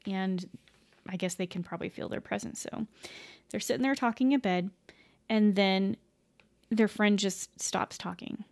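A woman's voice: mid-range voice, measured pace, long pauses, darkish tone. A woman casually telling a ghost story at home, rambling with many fillers, self-corrections and casual swearing. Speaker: podcast host.

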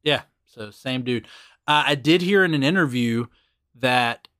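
Man hosting a relaxed podcast. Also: mid-range voice, a little slow, dry recording, clean studio sound. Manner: relaxed, explains background facts. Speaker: podcast host. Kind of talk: casual podcast chat.

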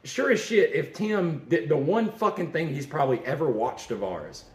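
A man's voice: fairly high pitch, lively intonation, normal speed, reverberant. A man hosting a podcast in casual chat, telling stories loosely with lots of swearing and fillers. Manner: loose, profane storytelling with frequent fillers. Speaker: podcast host.

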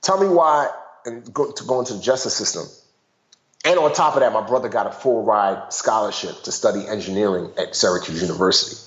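A man, a guest and author, telling personal stories in an animated casual way, full of "you know" fillers. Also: fairly low pitch, brisk. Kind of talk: casual storytelling conversation. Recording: dull roomy sound.

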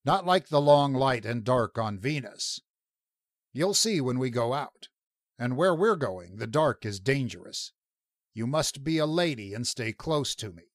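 A man's voice: mid-range voice, no room sound, studio quality, lightly acted. A man reading the lines of a stern space officer who speaks curtly and harshly. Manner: curt, snapping, harsh.

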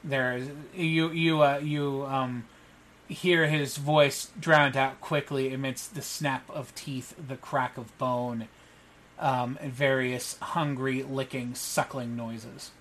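Slow halting guy running a tabletop game, um-ing a lot, faint background noise. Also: mid-range voice, fairly even intonation, a bit bright, low-quality recording. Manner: halting, with many fillers. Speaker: game master.

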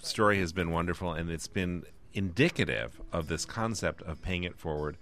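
Man, radio host, extremely low voice, gently wraps up callers. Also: moderate pace. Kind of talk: call-in radio hosting.

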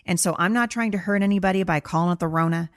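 A woman's voice: fairly low pitch, quick pace, dry recording. Earnest, emphatic woman host, dry close sound. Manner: earnest, emphatic, repeats phrases for stress. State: near tears. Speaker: podcast host responding to a listener. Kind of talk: impassioned monologue.

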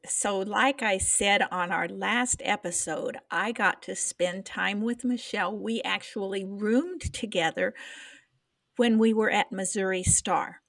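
A woman's voice: mid-range voice, creaky, no echo. An older woman, a podcast co-host, telling an emotional personal story in casual chat, trying to hold back tears.

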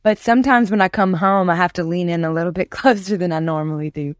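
A woman in her thirties from Louisiana, talking as an interview guest. Her voice sits on the low side, and the sound is dry and close. She tells stories with energy and puts on the voices of the people she quotes. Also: fast, dry recording. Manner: animated storyteller, acts out quoted voices. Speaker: guest musician. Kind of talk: casual interview chat.

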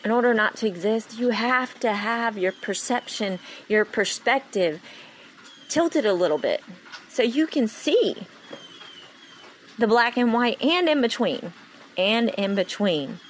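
Animated woman preaching on a podcast. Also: fairly high pitch, a little slow, slight background noise, poor audio. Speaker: podcast host. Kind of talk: solo inspirational podcast monologue.

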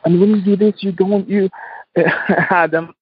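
A man's voice: high-pitched, steady tone, unhurried, husky, no room sound, phone-quality sound. A man, a podcast guest, speaking passionately in emphatic, repetitive English. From Tunisia. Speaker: guest entrepreneur. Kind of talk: podcast interview.

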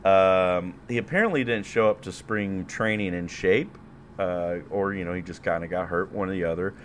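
A man's voice: deep voice, normal speed, slight background noise. A man hosting a podcast, chatting casually in a rambling, profane way and laughing often. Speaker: podcast host. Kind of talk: casual chat.

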